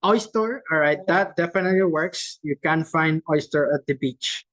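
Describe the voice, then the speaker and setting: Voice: medium pitch, a bit bright, rough recording. Chatty virtual game host asking "right?". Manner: tags many lines with "right?", loose and chatty; repeats each clue slowly, reading out answers from the chat. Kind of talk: casual hosting of a chat quiz game. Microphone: video call.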